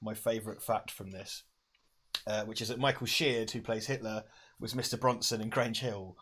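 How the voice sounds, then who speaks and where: A man's voice: on the low side, fairly even intonation, normal speed, a bit bright, slight background noise. A man co-hosting a film watch party, joking, swearing and laughing as he chats. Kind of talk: casual watch-along banter.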